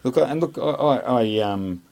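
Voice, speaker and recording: A man's voice: mid-range voice, animated, moderate pace, creaky, darkish tone. An Australian ex-army man talking as a podcast guest, blunt and rambling, with lots of fillers, restarts and swearing. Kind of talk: casual interview storytelling.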